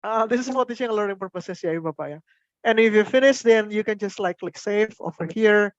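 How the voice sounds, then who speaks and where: A man's voice: high-pitched, fairly quick, clean tone, no echo, muffled recording. Chatty Indonesian-accented male presenter. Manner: chatty, code-switching, filler-heavy. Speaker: teacher-training workshop presenter. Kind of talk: online workshop tech demo.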